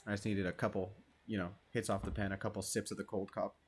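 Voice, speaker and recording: A man's voice: on the low side, flat delivery, fast, slight background noise. A man giving casual, rambling gameplay commentary, joking and swearing as he plays. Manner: laid-back, rambling and joking, with frequent swearing. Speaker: gamer.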